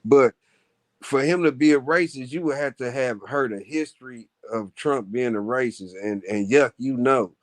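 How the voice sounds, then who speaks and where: A man's voice: medium pitch, moderate pace, no room sound. A man guest in a casual chat, rambling loosely and often asking "you know what I mean".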